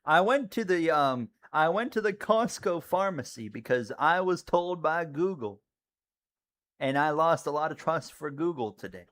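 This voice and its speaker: A man giving casual live commentary on his racing game and chatting with viewers, rambling easily and breaking into loud excited yelling at close moments. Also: a little high, a little slow.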